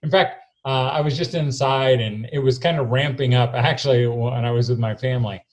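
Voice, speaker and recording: A middle-aged man telling a story in a keynote talk, recorded alone in his barn, acting out his own quotes loudly. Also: medium pitch, brisk. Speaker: homeschool speaker. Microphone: self-recorded camera.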